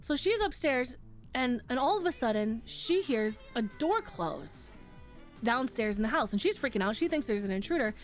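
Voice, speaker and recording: Bubbly, foul-mouthed woman streamer, high and swooping. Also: moderate pace, soft background music. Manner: animated, swears freely, laughs often. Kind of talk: casual chat, retelling a book.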